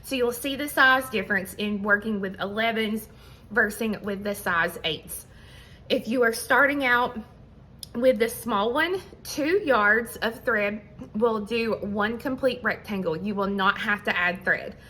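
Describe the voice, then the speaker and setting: A middle-aged woman teaching a hands-on beading tutorial, patient and step by step, sometimes counting beads quietly to herself. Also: mid-range voice. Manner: slow, patient, counting beads under her breath. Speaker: beading instructor.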